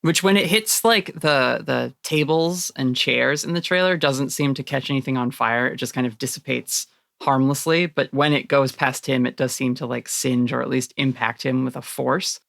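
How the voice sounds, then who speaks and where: A woman acting as game master, narrating a tabletop role-playing game in a lively way and laughing often. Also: very deep voice, moderate pace, creaky, no room sound, studio quality.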